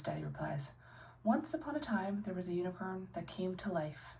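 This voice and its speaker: A woman reading a children's picture book aloud and narrating toy play, in a soft, hushed voice with playful voices for the characters. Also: on the low side, lively intonation, normal speed, vocal fry, distant mic. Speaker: storyteller playing with toys.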